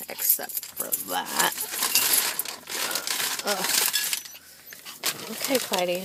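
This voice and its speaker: Young woman vlogger, stuffy nose, casual chatty delivery, car recording with steady road hum. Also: medium pitch, creaky. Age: young adult. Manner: chatty, baby-talks to her dog. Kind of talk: casual vlog chat. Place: in a car while driving. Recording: car noise in the background.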